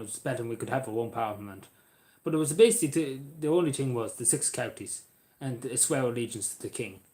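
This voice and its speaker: A young man with an Irish accent answers viewer questions in a loose, casual monologue. He halts often with ums and circles back to repeat his phrases. His voice sits at an ordinary mid pitch. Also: darkish tone.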